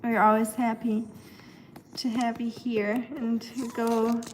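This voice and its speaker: A woman's voice: fairly high pitch, little pitch movement, slow pace, a little hiss or hum, rough recording. A young adult woman with a Southern American accent and a nasal voice, chatting casually on a livestream from home. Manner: chatty, talks to her dog in a sing-song baby voice. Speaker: livestream host. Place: home kitchen.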